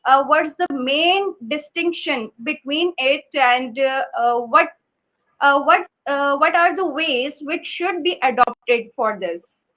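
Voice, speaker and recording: Woman host, Urdu native, very high voice, hesitant questions. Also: slow pace, bright, forceful tone, highs cut off. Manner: hesitant, many uh fillers. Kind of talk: interview questions.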